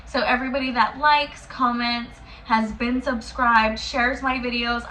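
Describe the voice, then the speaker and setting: Bright, chatty young woman vlogger. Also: fairly high pitch, a little hiss or hum. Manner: chatty, effusive, gushing. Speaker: beauty vlogger. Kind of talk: casual talk to camera.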